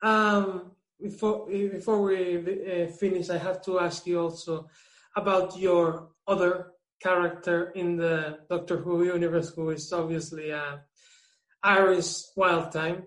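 A man interviewing a guest, asking halting questions with many fillers. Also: high-pitched, little pitch movement, fairly bright tone. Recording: echoey room.

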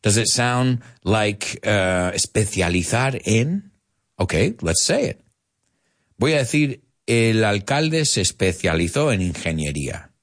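Slow, animated American English teacher. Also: male voice, fairly low pitch. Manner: animated, chatty, mixes in Spanish asides. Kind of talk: live online English lesson.

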